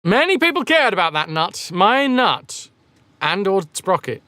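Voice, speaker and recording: A man streams a game and chats with his viewers in a loose, joking, rambling way. His voice sits a little high for a man and swings widely up and down as he talks. The sound is close and dry, with no room around it. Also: very animated, measured pace, pushed and bright, dry recording. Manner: jokey, rambling, reads and answers chat. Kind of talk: casual live-stream chat with viewers.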